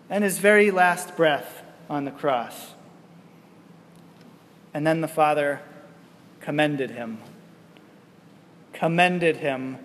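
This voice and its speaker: Man, pastor, sermon, high voice, unhurried emphatic delivery, rhetorical questions, long church reverb.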